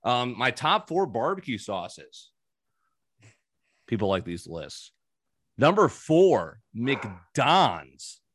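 A man's voice: mid-range voice, sing-song, slow pace, a bit bright, no echo, clean studio sound. A man hosting a podcast, chatting casually and telling rambling, profane stories. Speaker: podcast host. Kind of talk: casual chat.

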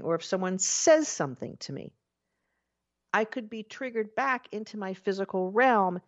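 A woman with a deep, low voice gives a spiritual talk to her listeners. She is expressive, playing out everyday inner voices and drawing out her key words. The recording sounds a little dull and lo-fi. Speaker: spiritual teacher.

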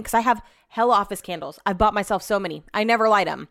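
A woman's voice: medium pitch, fast talker, hardly any pauses, dry recording, studio quality. A woman hosting a casual solo podcast, venting about her day and swearing freely as she rambles, recorded in her home office. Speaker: podcast host.

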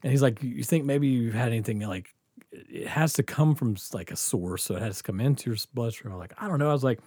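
A man tells a story from his own life in a casual podcast chat. He acts out each person in it, drops to a near whisper, then rises into loud laughing bursts. The sound is dry and close to the mic. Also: medium pitch, quick pace, breathy edge, no echo. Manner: animated, acts out quotes, laughs often. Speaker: guest storyteller.

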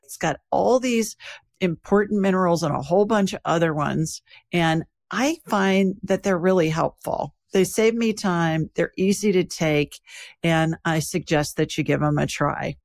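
A woman with a low voice reads a radio advertisement. She talks plainly and spells out the details slowly. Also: vocal fry, darkish tone. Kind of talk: ad read.

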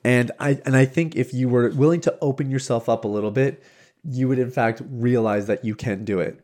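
A man at an ordinary middle pitch tells a story on his podcast in a loose, chatty way. He stumbles and restarts often, fills gaps with "you know", and slips into other people's voices to act them out. He laughs easily as he talks. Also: brisk. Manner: animated, acts out quoted voices, laughs easily; frequent restarts and filler words. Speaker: podcast host. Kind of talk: casual storytelling monologue.

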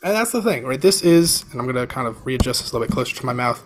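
Man, mid pitch, casual chatty explainer, video call audio, faint background noise. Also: very fast. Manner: relaxed, chatty, lots of fillers like "you know" and "um". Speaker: podcast audio producer, guest. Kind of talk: casual explanatory chat, demonstrating microphones. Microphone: switching between webcam mic and USB condenser over a video call.

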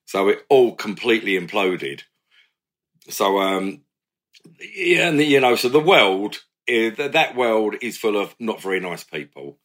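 A man, a former career criminal, telling blunt stories with swearing in a candid chat. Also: lowish voice. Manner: blunt, swearing, animated retelling with laughs.

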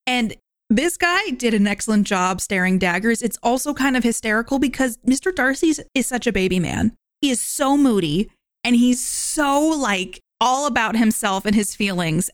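A young woman hosting a podcast, talking casually about a movie she just watched, chatty and animated with lots of filler words. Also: mid-range voice, dry recording, clean studio sound. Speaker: podcast host. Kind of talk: casual movie review monologue.

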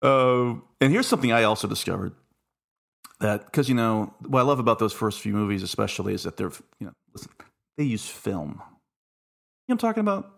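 A man's voice: lowish voice, sing-song, a little fast, gravelly. A man hosting a podcast in casual chat, chatty and jokey, often breaking off mid-thought. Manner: chatty, jokey, self-interrupting. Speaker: podcast host.

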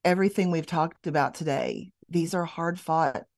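A woman who is a guest author, speaking in an earnest, reflective and sometimes halting way. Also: sits low, darkish tone, dry recording, studio quality. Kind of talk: earnest conversational sharing.

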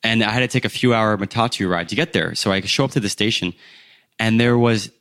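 A man in his thirties from the United States, a podcast guest telling stories in an animated way and laughing at his own stories. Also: on the low side, a little fast, no echo, studio quality. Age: 30s. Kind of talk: casual storytelling.

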